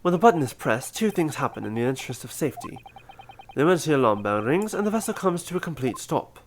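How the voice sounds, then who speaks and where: A man doing a pompous semi-British gentleman detective. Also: on the high side, very animated, fast, slight background noise. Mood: lecturing. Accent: put-on semi-British. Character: eccentric, self-satisfied male gentleman detective.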